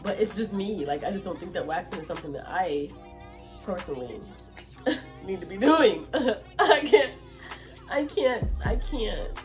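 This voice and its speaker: A woman's voice: mid-range voice, very animated, normal speed, long pauses, music in the background. A woman vlogger telling a story to camera in a casual way, laughing often and restarting her sentences.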